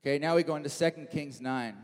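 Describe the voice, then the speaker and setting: Give me a high-voiced male preacher telling a story with animation in a reverberant church hall. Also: quick pace. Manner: animated storytelling, acts out quotes. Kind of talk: sermon.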